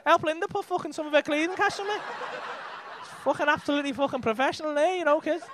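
A man's voice: very high voice, fast, noisy background. A man with a Liverpool accent doing brash, sweary stand-up crowd work from a club stage. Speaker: stand-up comedian.

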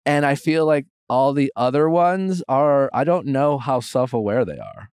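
A man in his forties hosts a casual podcast chat, blunt and quick to swear, often acting out what others said. His voice sits at an ordinary middle pitch. The studio sound is dry and close. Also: lively intonation, a little mellow, smooth, no echo. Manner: blunt, swears freely, acts out quotes. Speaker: podcast host.

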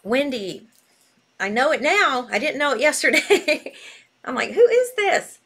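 A woman's voice: high voice, animated, measured pace, pushed and bright, breathy edge. A woman hosting a live sale, bubbly and gushing as she talks. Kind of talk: live selling stream.

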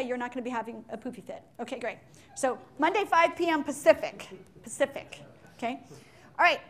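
Woman workshop trainer, high voice, playful chatty teaching style, meeting room. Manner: playful, chatty, quick asides and acted-out examples. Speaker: leadership and sales trainer. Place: meeting room with window blinds.

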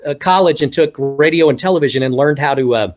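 A middle-aged man from Texas, a ventriloquist guest on a video-call interview, telling stories in a casual, animated way and acting out quoted speech. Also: a little high, fast.

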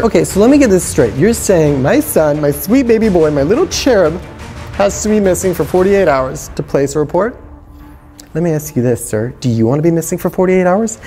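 A male comedian playing a paranoid, overprotective middle-aged mother who frantically spins wild theories and lets out shrill outbursts. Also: mellow. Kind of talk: comedy sketch acting.

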